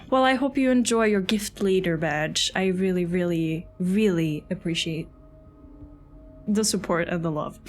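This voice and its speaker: A young adult woman streaming a game, chatting casually and excitably, swearing freely and thanking viewers by name. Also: lowish voice, measured pace. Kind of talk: casual live-stream chatter while playing.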